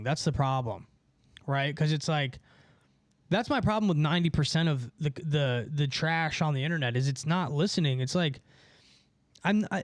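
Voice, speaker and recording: Animated rambling man, dry close mic. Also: fairly high pitch, no echo. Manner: animated, rambling, many fillers and restarts. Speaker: host of a live call-in show. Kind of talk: casual livestream rant reading chat.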